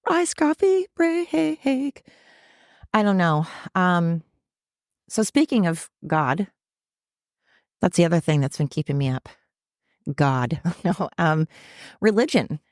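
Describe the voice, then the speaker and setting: A woman's voice: sits low, slow, long pauses, darkish tone, no room sound, clean studio sound. A woman hosting a solo podcast, ranting with opinionated, sarcastic asides and free swearing. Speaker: podcast host. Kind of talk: casual solo podcast monologue.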